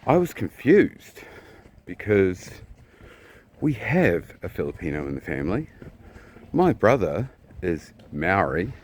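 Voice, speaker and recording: Blunt lower-voiced man telling a story. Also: sing-song, slow, long pauses, a little hiss or hum. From New Zealand. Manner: blunt and profane, clears throat often. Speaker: vlogger telling a personal story. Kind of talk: casual spoken storytelling.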